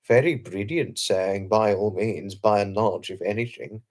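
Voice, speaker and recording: A man's voice: fairly low pitch, measured pace, a little mellow. Chatty man hosting a live stream. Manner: chatty, repeats phrases, lots of thanks and hellos to viewers, chuckles often; polite, slightly formal wording with restarts. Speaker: livestream host. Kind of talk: casual live stream chat, reading and answering viewer comments.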